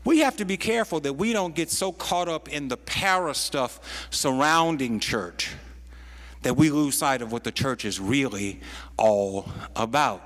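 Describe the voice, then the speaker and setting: A man's voice: mid-range voice, lively intonation, unhurried, a bit bright, in a large hall. A pastor preaching a sermon, repeating words as he builds a point and dropping in folksy asides. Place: church sanctuary.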